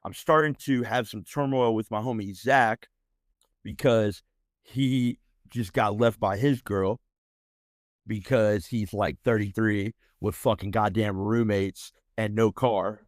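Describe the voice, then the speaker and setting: A man's voice: lowish voice, steady tone, takes it slowly, no room sound, studio quality. A man in his thirties with an American accent, hosting a podcast and telling a personal story in a casual, profane, slang-heavy ramble with mocking outbursts. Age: 30s. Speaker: podcast host.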